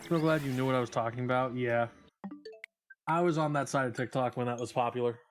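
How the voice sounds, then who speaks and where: A man's voice: mid-range voice, a little fast. Man streaming a game, casual, swearing, rambling, joking, faint music behind. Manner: profane, rambling, joking with chat. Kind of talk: casual live-stream gaming chat.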